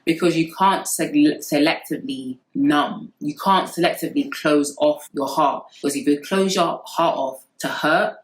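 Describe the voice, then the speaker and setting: Low-voiced woman giving candid advice. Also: normal speed, hardly any pauses. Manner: direct, sisterly, emphatic, addresses viewers as sis. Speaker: vlogger giving relationship advice. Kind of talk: candid talking-to-camera advice. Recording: echoey room.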